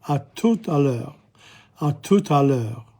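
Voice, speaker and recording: Guy teaching french phrases, talks slow, kinda raspy from losing his voice, chatty and rambly. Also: on the high side, lively intonation, dark tone. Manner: chatty, self-interrupting, repeats phrases slowly. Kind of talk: casual spoken language lesson.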